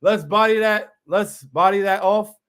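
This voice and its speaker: Hyped man reading chat, higher voice. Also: measured pace, smooth. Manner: excited, repeats phrases, reads viewer comments aloud. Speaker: livestream host reading chat. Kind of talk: casual hype chat.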